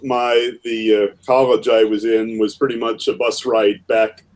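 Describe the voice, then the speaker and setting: A man's voice: fairly low pitch, level tone, a little mellow. A man on a video call talking about his drawing. He hesitates often, restarting his sentences with lots of "uh"s. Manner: halting, with many restarts and "uh"s. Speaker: artist in an online drawing group. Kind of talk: casual chat while drawing. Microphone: video call mic.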